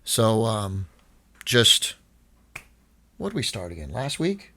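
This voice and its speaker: In a lowish voice with big pitch swings, pushed and bright, a skatepark owner guesting on a podcast takes his time through a long casual story. He rambles, restarts often, leans on fillers, and retells exchanges in quoted dialogue.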